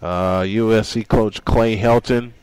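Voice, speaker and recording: A man's voice: lowish voice, steady tone, measured pace, a little mellow, clear, resonant tone, dry recording, rough recording. Earnest male talk radio host. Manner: earnest, reading quotes aloud then speaking from the heart.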